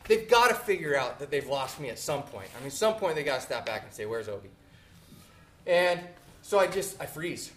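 On stage, a Montana man in his fifties tells a personal story with animation, swinging between bursts of energy and hushed, low asides. He talks a little fast.

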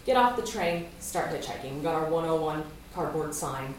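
A young woman from Alaska telling a personal story to a room, lively, laughing often and acting out what people said. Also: deep voice, quick pace, few pauses, slight background noise. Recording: echoey room, far from mic.

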